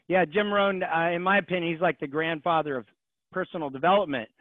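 A man's voice: a little high, steady tone, fairly quick, no echo. A man in his forties who is a podcast guest, speaking earnestly and hesitantly with many fillers. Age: 40s. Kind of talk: casual interview chat. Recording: tinny phone-like line.

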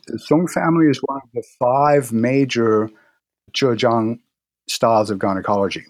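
A man speaking as an interview guest, telling stories in a relaxed way with frequent restarts and pauses. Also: mid-range voice, dry recording, studio quality. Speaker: guest, herbal medicine practitioner. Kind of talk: casual interview talk.

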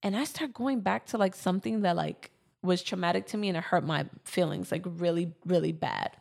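A woman's voice: on the low side, brisk, gravelly, a little mellow. A woman in her twenties telling a personal story in casual chat, with lots of fillers.

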